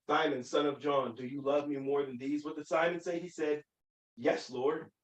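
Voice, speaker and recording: A man with a high voice teaches scripture emphatically, stumbling and restarting as he goes. He stands back from the mic, and the room rings around him. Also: steady tone, normal speed, reverberant, distant mic, poor audio. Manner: emphatic, with many restarts and fillers. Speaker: Bible teacher. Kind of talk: teaching sermon.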